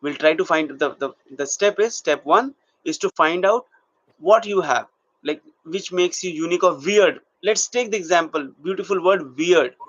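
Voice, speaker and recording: Acting coach guiding a class. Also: male voice, on the high side, normal speed, no echo. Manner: explains step by step and checks in with the class. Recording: dull lo-fi recording.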